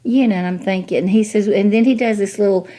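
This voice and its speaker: A woman's voice: mid-range voice, fairly even intonation, fairly quick, mellow. Middle-aged woman telling a story. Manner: chatty, folksy, many "you know" asides, acts out quoted dialogue. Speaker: guest, ministry director. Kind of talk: personal storytelling in an interview.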